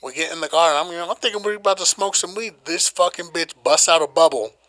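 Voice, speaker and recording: A man spins a rambling, profanity-laced story in casual conversation. His voice sits a little high and sounds bright and forward, and he keeps checking in with his listener. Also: fast. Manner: profane, rambling, repeats "you know what I'm saying".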